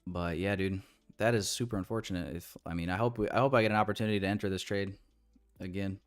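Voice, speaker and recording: A man's voice: deep voice, fairly even intonation, quick pace, faint music behind. A man giving casual live trading commentary in a laid-back, slangy way with lots of fillers. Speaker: day trader streamer.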